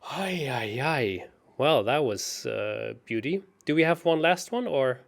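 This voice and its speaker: A man co-hosting a chess show, working through puzzles out loud in a hesitant, self-mocking way. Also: mid-range voice, lively intonation, unhurried, creaky. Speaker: chess co-host solving puzzles. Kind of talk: casual puzzle-solving chat.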